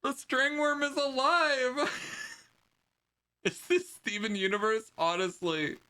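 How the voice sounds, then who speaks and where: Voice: high-pitched, steady tone, slow pace, pushed and bright. A game streamer giving casual, incredulous gameplay commentary, laughing and swearing often.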